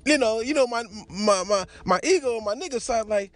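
A man's voice: sits high, animated, a little fast, few pauses, a bit bright, faint music behind. A man telling a crude personal story in casual chat, laughing often and restarting his sentences as he rambles. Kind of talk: casual anecdote monologue.

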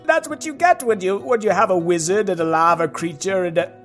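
A podcast host voicing a boastful, bumbling male wizard in an improvised kids' story, giggling and shouting spells. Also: mid-range voice, fairly quick, soft background music, natural voice. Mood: flustered.

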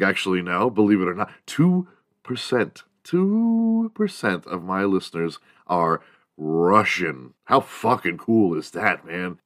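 Low-voiced dude doing a podcast monologue, hyped and swearing, super dry mic. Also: male voice, no echo. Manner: hyped, rambling and profane. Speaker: podcast host. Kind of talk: casual comedy podcast monologue.

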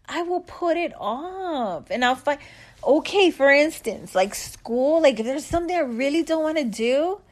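A middle-aged woman giving life advice in a candid, chatty vlog, with frequent laughs and slangy asides. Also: on the high side. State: upbeat after a bike ride. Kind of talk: casual motivational chat.

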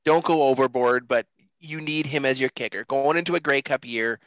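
A man's voice: mid-range voice, moderate pace, a bit bright, dry recording, dull audio. A man co-hosting a football talk show, earnest and emphatic in his views. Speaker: sports podcast co-host. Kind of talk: casual sports talk.

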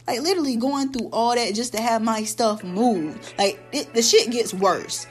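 Animated, high-voiced woman telling a story. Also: moderate pace, faint music behind. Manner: animated, profane, acts out quoted lines. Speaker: podcast host. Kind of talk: casual storytelling rant.

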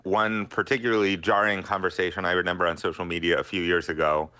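Middle-aged male scientist guest, low voice, forceful bright delivery, earnest explainer. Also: level tone, fast talker. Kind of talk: radio interview answers.

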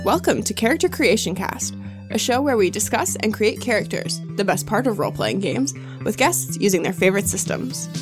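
A woman's voice: mid-range voice, sing-song, fairly quick, music in the background. A woman co-hosting a podcast, giving a welcoming scripted intro and asking guests questions. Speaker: podcast co-host. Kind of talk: scripted show intro and interviewing.

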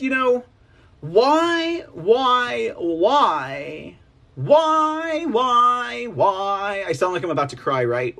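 A man with a fairly high voice hosts a political news show, rambling from point to point. He drops sarcastic asides, repeats his phrases and keeps calling out to his audience as ladies and gentlemen. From United States. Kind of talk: casual political commentary.

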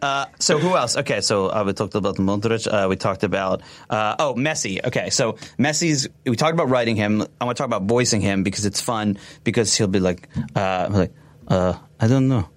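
A man's voice: fairly low pitch, fairly quick. A man talking casually as a podcast guest, rambling with tangents and laughing often. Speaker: voice actor guest.

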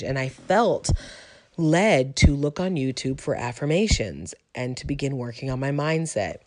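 A woman's voice: rumbling low, normal speed. A woman in her forties sharing a personal testimony about her faith and mindset in a reflective, conversational way, with frequent ums. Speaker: teacher sharing a personal story.

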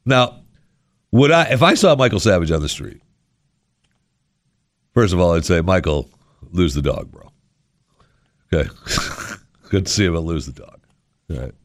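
Low, dry-voiced sarcastic radio host man. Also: sing-song, moderate pace, pauses often, dry recording. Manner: rambling, sarcastic, jokey. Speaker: radio talk show host. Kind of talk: casual radio monologue. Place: radio studio. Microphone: studio microphone.

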